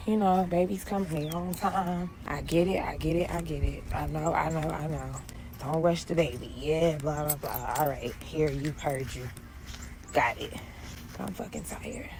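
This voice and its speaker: Worn-out young woman venting, low voice. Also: a little mellow, a little hiss or hum, low-quality recording. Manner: blunt, profane venting. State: weary and worn out. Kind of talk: venting video diary.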